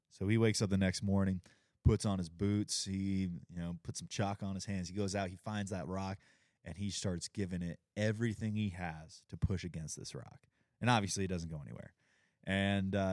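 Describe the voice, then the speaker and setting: A man hosting a podcast, telling a parable in a relaxed, chatty way. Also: deep voice, no echo, clean studio sound. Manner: relaxed, chatty, many fillers. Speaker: podcast host. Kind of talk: casual storytelling.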